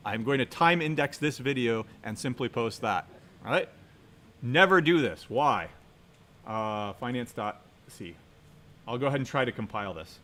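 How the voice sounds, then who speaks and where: A man's voice: mid-range voice, fairly bright tone. A man teaching a recorded programming class, talking through live coding in a conversational way, often ending points with "right?" and repeating warnings for emphasis. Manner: conversational, often adds "right?" as a tag question. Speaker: university instructor.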